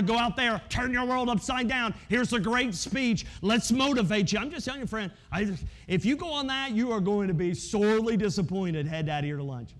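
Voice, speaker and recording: A man preaching a sermon in a conversational style, acting out the objections of imagined listeners and dropping to quiet, intense tones for emphasis. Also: high-pitched. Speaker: pastor.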